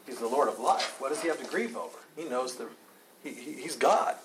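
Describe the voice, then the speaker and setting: A man's voice: medium pitch, fairly quick, background noise. A man teaching a Bible study class, earnest and emphatic, taking questions from the group.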